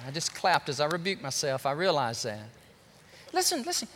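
A man preaching a sermon as pastor, animated and joking, speaking straight to his congregation. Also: fairly high pitch, moderate pace, a crowd in the background, noisy background. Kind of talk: lively sermon. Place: large church sanctuary. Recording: long church hall reverb.

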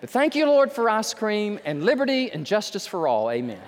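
A man's voice: high voice, wildly swooping pitch, normal speed, noisy background. A man preaching, voicing a five-year-old boy who says a sing-song blessing. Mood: innocent. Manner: innocent, sing-song prayer. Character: little boy around five saying a blessing. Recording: reverberant hall.

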